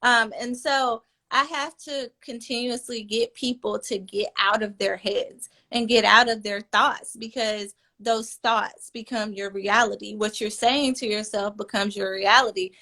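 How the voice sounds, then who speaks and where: Earnest woman fertility coach, bright and a little high, casual podcast chat. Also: fairly even intonation, a little slow, hardly any pauses.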